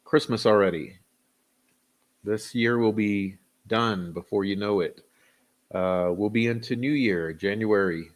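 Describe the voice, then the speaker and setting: A livestream host speaks in a lowish voice, a little slowly. Casually chatting, he reads out viewers' names to greet them and rambles, chuckling and using filler words.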